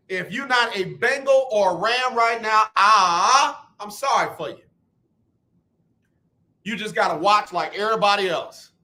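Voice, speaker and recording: A man hosting a sports talk radio show, teasing callers and trash-talking loudly. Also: high voice.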